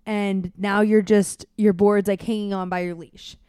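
A woman retells a family story with eager energy, often checking in with her son. Her voice sits at a middling pitch. The recording is dry and close. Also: little pitch movement, unhurried, warm tone, clear, resonant tone, no room sound. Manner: eager, prompting with "right?" questions; acts out voices while retelling. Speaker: parent interviewing her son. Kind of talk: casual storytelling chat.

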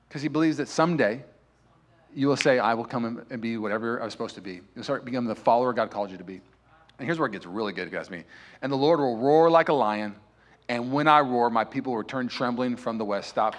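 A young adult man preaching a sermon as pastor in a church sanctuary, building to loud, impassioned peaks. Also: medium pitch.

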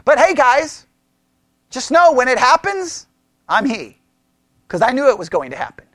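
A man leading a Bible study, his pitch swinging widely as he asks questions and thinks aloud. He restarts his sentences often in a casual teaching style. The sound is dry and close. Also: very animated, normal speed, a bit bright, no room sound.

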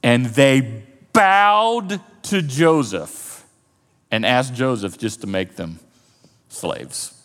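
A man preaching a sermon, telling a story with lively animation and acting out the characters' lines. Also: mid-range voice, drawn-out words, big-room sound. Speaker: pastor. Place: church auditorium.

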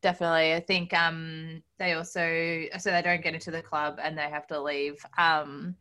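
A woman co-hosting a podcast, chatting casually and hesitantly, with many pauses and ums. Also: deep voice, flat delivery, pushed and bright. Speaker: podcast co-host. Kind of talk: casual chat.

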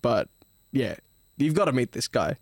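A man's voice: medium pitch, very animated, moderate pace, no echo. Rambling man with dry sound. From Melbourne, Australia. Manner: rambling, profane storyteller. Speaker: podcast guest. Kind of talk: casual chat.

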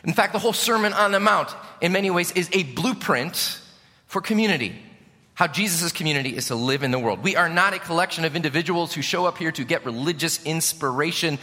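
A man from Chicago preaching a sermon as pastor, emphatic, lifting key lines and dropping low at the ends. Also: a little fast, sharp tone, big-room sound.

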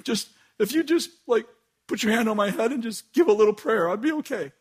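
A man's voice: high voice, animated, a little fast, breathy edge, voice pushed up. A man voicing a dramatic, troubled young man who pleads breathlessly for help. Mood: pleading.

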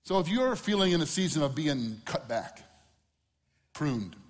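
A man's voice: a little high, sing-song, measured pace, big-room sound. A middle-aged man preaching a sermon in a conversational way, acting out quotes with humor. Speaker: pastor.

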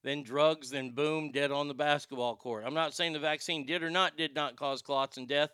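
Heated sweary guy ranting on his show, bright sharp voice, dry close sound. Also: on the high side, steady tone, normal speed, clean tone, dry recording. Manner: profane, heated, sarcastic. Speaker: show host. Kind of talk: ranting commentary.

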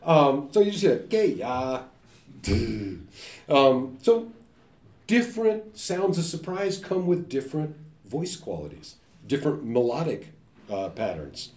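A man lectures on language in a roomy, echoing space, his voice fairly high and swinging widely in pitch. He jokes as he goes and slips into mimicking sounds and other voices. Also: a little slow. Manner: animated and joking, imitating sounds and voices. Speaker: linguistics lecturer. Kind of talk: academic talk. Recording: echoey room.

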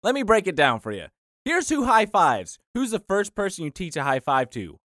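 A man's voice: high voice, huge pitch swings, moderate pace, fairly bright tone, dry recording, clean studio sound. A young man co-hosting a casual comedy podcast, ranting and mimicking people in exaggerated voices. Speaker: podcast co-host.

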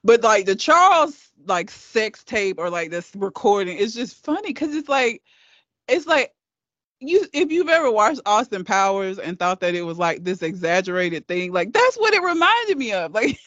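Laughing, profane woman in lively chat. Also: medium pitch, moderate pace, dry recording. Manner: profane, laughing, animated storyteller. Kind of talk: casual chat. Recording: slightly muffled, dry.

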